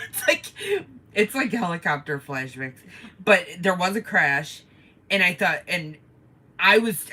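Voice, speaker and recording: Co-hosting a casual live chat stream, a woman with a rather low, bright, forceful voice tells a story. She's animated about it and swears freely.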